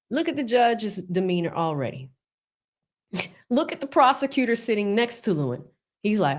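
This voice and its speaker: A woman's voice: mid-range voice, moderate pace. Chatty woman giving live legal commentary. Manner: chatty, animated, laughing asides.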